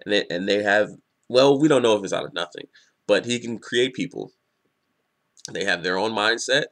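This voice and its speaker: A young man casually reviewing a comic chapter, rambling and excitable, swearing and laughing often. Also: lowish voice, normal speed. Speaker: manga reviewer.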